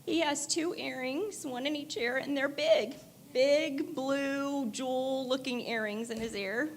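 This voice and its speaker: A woman's voice: high voice, a little slow, slight background noise. A woman speaking in church at a memorial service, telling candid stories about her late father, laughing through tears and crying at times. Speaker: daughter giving a eulogy. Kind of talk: memorial eulogy.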